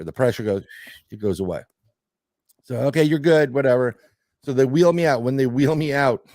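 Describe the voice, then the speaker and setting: A middle-aged man telling a story in casual podcast chat, animated and joking, with some swearing. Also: fairly low pitch, no room sound, studio quality. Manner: animated storyteller, swearing, laughing through jokes. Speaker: podcast guest.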